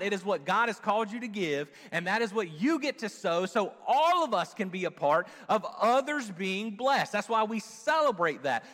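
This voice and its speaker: A high-voiced man preaches a sermon with lively swings in pitch, mixing humor and playful asides into his message. His voice carries a long reverb, like a church sanctuary. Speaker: pastor.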